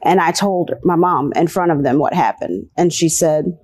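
An American woman telling a personal story in a slow, reflective way, pausing often. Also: sits low, darkish tone. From United States. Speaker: interviewee telling her story. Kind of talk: personal testimony.

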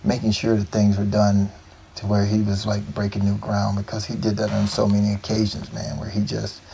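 A man's voice: on the low side, monotone, brisk, creaky, dark tone, slight background noise. A man, the guest, telling casual, rambling stories and often tossing in "man" and "like.". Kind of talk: casual storytelling.

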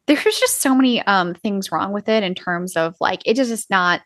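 A woman's voice: mid-range voice, lively intonation, normal speed, fairly bright tone, no echo. Casual female podcast co-host, frank and chatty, mid-range voice, dry close sound. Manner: blunt, swears freely, lots of "like". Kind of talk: casual chat.

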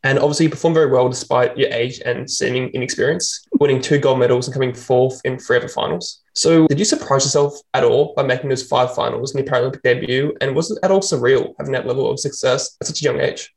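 An interview host who talks quickly and briskly. The delivery is upbeat, with a scripted introduction of the guest followed by the questions. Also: mid-range voice, fairly even intonation, darkish tone, low-quality recording.

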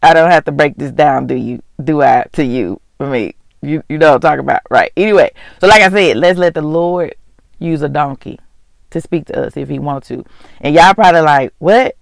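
Speaking briskly in a creaky, mid-range voice with no room sound, this faith vlog and podcast host chats casually with listeners about devotional matters. The talk is earnest and heartfelt, full of laughter and often tearful.

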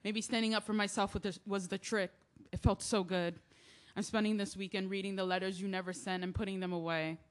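A woman's voice: medium pitch, level tone, fairly quick, few pauses, natural voice. A woman playing a grieving letter-writer. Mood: reflective. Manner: earnest, confessional, rising to yelling. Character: grieving young woman named Lia writing letters. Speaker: narrator and lead. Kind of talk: audio drama reading.

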